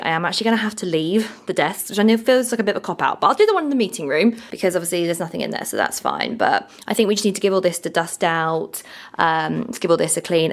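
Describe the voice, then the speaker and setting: A young British woman chatting casually while she cleans an office, often drifting into tangents, recorded on a camera set down in the room. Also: fairly low pitch. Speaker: cleaning vlogger. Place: office building indoors. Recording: echoey room with faint noise.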